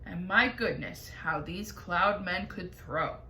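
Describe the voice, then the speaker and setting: A woman teacher reading a chapter book aloud with lively storytelling. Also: lowish voice, slow. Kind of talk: expressive read-aloud. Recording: echoey room, faint noise.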